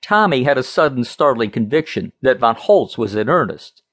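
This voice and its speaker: A man reading an audiobook as narrator in an expressive, measured way. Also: mid-range voice.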